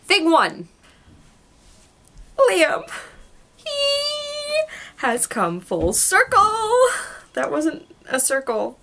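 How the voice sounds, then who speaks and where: A young woman raves about a show in a casual vlog, excitable and gushing like a devoted fan. Her voice sits high and sounds bright and forceful. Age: young adult. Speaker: guest vlogger.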